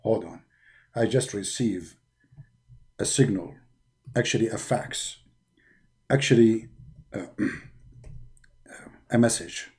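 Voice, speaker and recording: A man voicing a deep-voiced male angel who speaks slowly and calmly, reassuring the listener.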